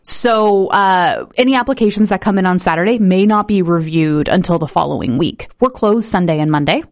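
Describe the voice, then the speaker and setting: A woman's voice: lowish voice, moderate pace. A woman who works at an animal shelter, patiently explaining how adoptions work during a radio interview. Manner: friendly, clear, patient explainer.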